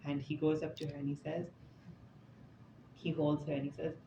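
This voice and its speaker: In an echoey, slightly dull room recording with faint noise, a man gives an informal scripture talk to an audience indoors. His voice sits on the high side and stays monotone at a normal speed as he tells stories in a chatty, conversational way, dropping in casual asides.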